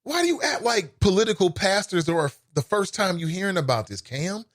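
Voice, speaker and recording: High-pitched and sing-song, this man talks fairly quickly in a slightly bright tone, with a little hiss or hum on the recording. Hosting a call-in program with his Cincinnati, Ohio accent, he chats casually and exclaims and laughs at what listeners say.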